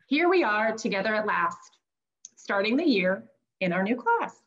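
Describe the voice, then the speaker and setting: A woman's voice: medium pitch, very animated, brisk, a bit bright. A woman, a former teacher and children's book author, reads her picture book aloud in a teacherly way. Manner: teacherly read-aloud delivery. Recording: dull lo-fi audio.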